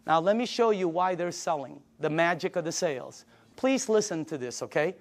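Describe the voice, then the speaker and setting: A man giving an emphatic, energetic sales pitch to a live audience in a meeting room, chuckling between points. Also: moderate pace. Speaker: sales presenter.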